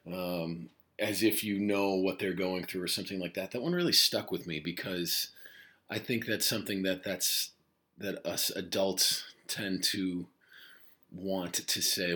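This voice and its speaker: A middle-aged man with a fairly low voice talks casually to his students on a home podcast. He rambles and reflects, full of fillers and self-corrections. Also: moderate pace, a bit bright. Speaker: high school Spanish teacher. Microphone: home podcast mic.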